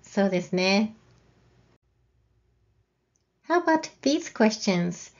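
A woman teaching a language lesson, explaining grammar patiently and saying example sentences out loud. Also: medium pitch, sing-song, a little slow, dull audio. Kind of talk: slow, careful lesson explanation.

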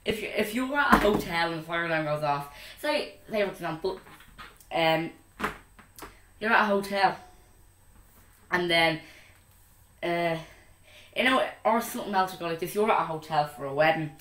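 A man's voice: a little high, normal speed, long pauses, bright, forceful tone, a little hiss or hum. Young Irish guy rambling into a laptop. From Ireland. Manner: rambling, giggly storytelling. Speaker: vlogger. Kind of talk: casual vlog chat. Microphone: laptop mic from a distance. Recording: echoey room, far from the mic.

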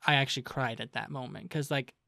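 A man's voice: medium pitch, fast talker, vocal fry, bright, forceful tone, no room sound. Chatty young man, dry close sound. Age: young adult. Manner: chatty, lots of fillers, retells scenes. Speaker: podcast co-host. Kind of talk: casual chat.

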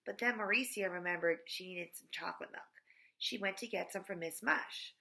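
A woman's voice: on the low side, normal speed, gravelly, sharp tone. A woman reading a chapter book aloud to children, with cheerful, chatty asides between passages.

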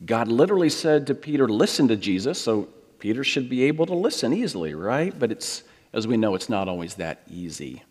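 A man's voice: mid-range voice, very animated, brisk, few pauses, a little mellow. A middle-aged American man preaching a sermon, storytelling and acting out the voices he quotes. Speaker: pastor. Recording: long hall reverb.

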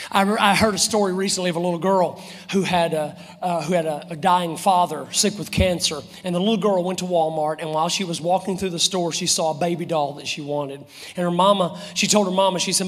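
A preacher delivers a fervent live sermon in a high voice, stacking repeated phrases and sinking to hushed whispers for effect. His voice rings out with a long reverb through the church hall. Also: steady tone, brisk. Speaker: pastor.

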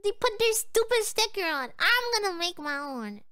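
Very high-pitched sleepy young woman. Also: big pitch swings, moderate pace, sharp tone. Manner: drowsy rambling, trailing off; chatting to viewers. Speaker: streamer. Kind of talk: casual livestream chat.

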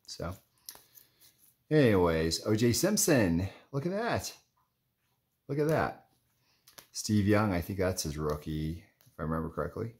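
Low male voice, young adult card collector, loose rambling off-the-cuff commentary. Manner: rambling and chatty, lots of "like" and "anyways". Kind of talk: casual running commentary while flipping through cards.

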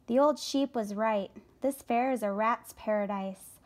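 A woman's voice: on the high side, unhurried, lightly acted. A woman voicing a greedy, sneering male rat with a brash way of talking.

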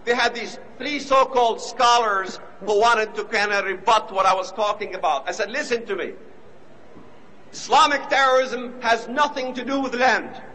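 A man giving an impassioned speech, emphatic and repetitive, now and then rising to shouts. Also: very high-pitched, normal speed, a little hiss or hum, rough recording. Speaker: speaker.

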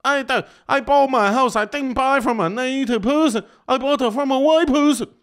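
A shrill gushing immigrant caricature. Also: male voice, normal speed, a bit bright, clear, resonant tone. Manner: over-the-top, sing-song, squealing.

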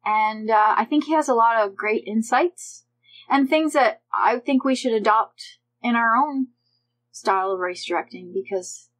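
A woman's voice: fairly high pitch, a little slow, fairly bright tone. A woman from Canada co-hosting a casual podcast, bubbly and laughing often. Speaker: podcast co-host.

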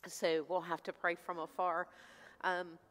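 A woman's voice: on the low side, little pitch movement, unhurried, a bit bright. A woman pastor leading prayer, heartfelt and informal, close to tears. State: near tears. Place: church sanctuary. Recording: hall reverb with faint music.

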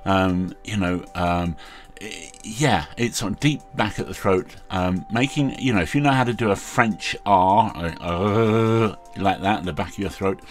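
A man with a fairly low voice talks through a how-to in a loose, rambling way. He keeps restarting and filling gaps with "you know". Soft music plays faintly behind him. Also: measured pace. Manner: rambling, chatty, full of fillers. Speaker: video host. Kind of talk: casual how-to tutorial.

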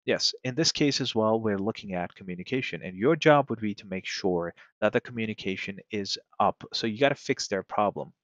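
A man's voice: on the low side, lively intonation, a little fast, few pauses, a bit bright, no echo, lo-fi sound. A man teaching a networking lesson in a conversational way, often asking rhetorical questions. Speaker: networking instructor. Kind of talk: screen-recorded tech lesson.

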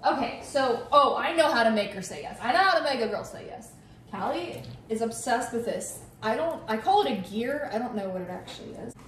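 A woman with a somewhat high voice and lively intonation talks a little fast as she hosts a casual vlog, playfully teasing her friend with giggles and bursts of mock paparazzi shouting. The recording is noisy and echoey, captured far from the mic.

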